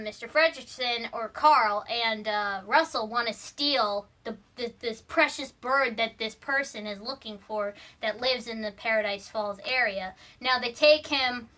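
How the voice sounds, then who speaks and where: A young woman chats casually in a high, bright voice, rambling through a story with plenty of "uh" and "like". She talks from a room at home and restarts her sentences often. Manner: rambling, full of fillers and restarts. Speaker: vlogger. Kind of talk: casual film retelling.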